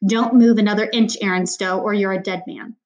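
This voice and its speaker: A woman's voice: medium pitch, steady tone, a little fast, a little mellow, lightly acted. A woman reading a storybook aloud, voicing a fierce woman who growls threats at her captive. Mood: menacing.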